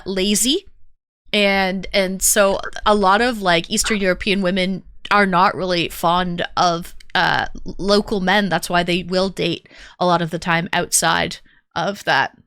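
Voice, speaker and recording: Woman hosting a stream, bright sharp voice, chatty, says mm-hmm a lot. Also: mid-range voice, smooth, no echo. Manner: chatty, quick asides, lots of mm-hmms. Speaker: host. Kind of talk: casual chat on a call-in stream.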